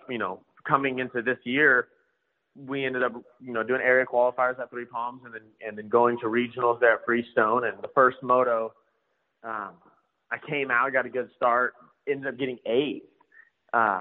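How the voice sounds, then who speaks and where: Heard over phone-quality sound, a mid-range male voice belongs to a motocross rider and trainer telling a story. He's laid-back and slangy, acting out the quoted dialogue.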